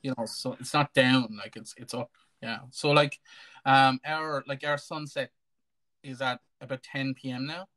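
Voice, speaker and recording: A man with an Irish accent rambles through a livestream chat with crude jokes and loose asides. His pitch sits in an ordinary middle range. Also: fairly even intonation, unhurried, bright, forceful tone. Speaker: co-host.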